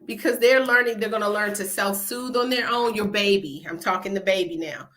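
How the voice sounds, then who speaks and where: A woman talks straight to her viewers about parenting in a relaxed, chatty way. She repeats her points and checks in with "all right?" Her voice is bright and clear, with a pitch that sits in the middle. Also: brisk. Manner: emphatic, repetitive, chatty with frequent "all right?" and laughs. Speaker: parenting video host. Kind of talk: casual talk to camera.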